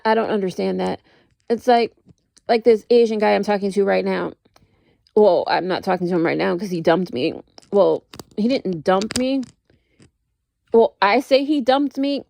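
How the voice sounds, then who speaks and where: In a loose, wandering vlog, a woman from the United States shares dating tales, leaning heavily on "like" and frequently starting over. Her voice is a little high, gravelly and darkish in tone, recorded dry.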